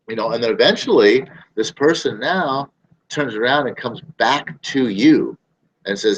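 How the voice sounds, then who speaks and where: A man's voice: medium pitch, expressive, moderate pace, husky, poor audio. A man hosting a casual talk to camera, rambling and emphatic, often repeating his phrases. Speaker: show host.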